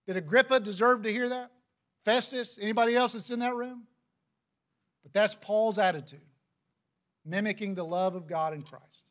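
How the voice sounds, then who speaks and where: A high-pitched man delivers a sermon in an earnest, conversational way. He reads scripture aloud between his own points. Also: a bit bright. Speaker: preacher.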